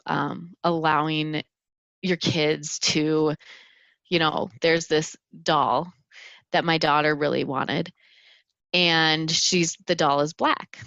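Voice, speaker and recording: A woman's voice: sits low, gravelly, fairly bright tone, no room sound, lo-fi sound. A woman in her thirties from Minnesota hosting a podcast, talking earnestly with many fillers and restarts. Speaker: podcast host. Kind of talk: reflective solo podcast talk.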